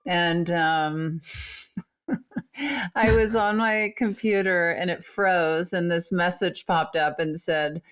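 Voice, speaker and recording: A woman's voice: fairly low pitch, slow pace, a bit bright, smooth. A middle-aged woman co-hosting a podcast, telling a rambling, self-mocking anecdote in casual chat and acting out the people in it. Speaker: podcast co-host.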